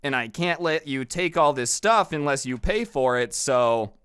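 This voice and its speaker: A man plays a calm young store cashier. The cashier talks in an easygoing, reasonable way, in a smooth, clean voice with a dry sound. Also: on the high side, a little slow, dry recording.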